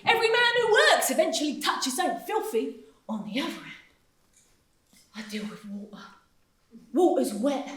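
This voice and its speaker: A woman's voice: sits high, sing-song, quick pace, fairly bright tone, distant mic. A woman acting a wheedling male street performer who fakes drownings for money, in an amateur stage scene recorded off-mic in an echoey room. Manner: wheedling, salesman patter, mock-respectful. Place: drama class room.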